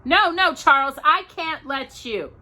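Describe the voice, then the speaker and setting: Lady doing scared fierce pioneer mom, pleading, bright voice. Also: very animated, moderate pace, full character voice. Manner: pleading, high-strung. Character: frightened, fierce pioneer mother. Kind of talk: reading aloud a children's novel.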